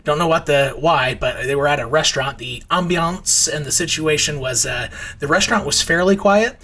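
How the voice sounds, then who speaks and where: Thirties male host, casual and rambling; bright, slightly husky tone. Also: moderate pace. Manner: rambling, many fillers and restarts; acts out his kids' voices in high squeals. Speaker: crypto trading channel host. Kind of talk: casual storytelling and chart commentary.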